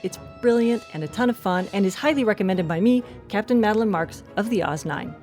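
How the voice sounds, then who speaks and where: A woman plays a cocky, cheerful starship captain in an audio drama. Her voice is mid-pitched, bubbly and brimming with confidence, with faint music underneath. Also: fairly quick, a little mellow, close to an everyday voice. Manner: bubbly, self-assured. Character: cocky, upbeat female spaceship captain.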